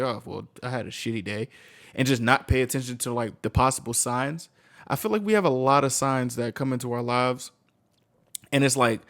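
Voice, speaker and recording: Male reaction streamer, slangy and rambling, casual chat straight to viewers. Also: mid-range voice.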